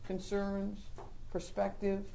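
A woman preaching a sermon in an animated storytelling manner, acting out the scenes she describes. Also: mid-range voice, slow pace, gravelly, a little hiss or hum.

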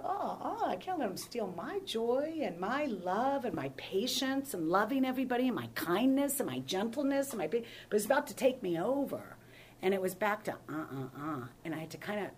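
A woman pastor leading a Bible study, telling stories and acting out dialogue with lively shifts in voice. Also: lowish voice, slight background noise. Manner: animated storyteller, acts out dialogue.

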